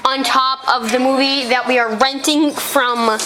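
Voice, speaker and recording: High-voiced chatty woman vlogging at home. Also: steady tone, unhurried. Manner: rambling, chatty, playful with pets. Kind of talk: casual home vlog. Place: at home indoors. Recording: noisy home camcorder audio.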